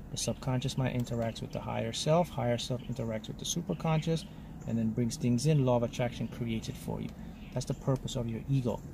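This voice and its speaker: A man acting as a spiritual mentor gives a motivational talk in short, punchy, emphatic statements, often checking in with "okay?" His voice is mid-range, with background noise behind him.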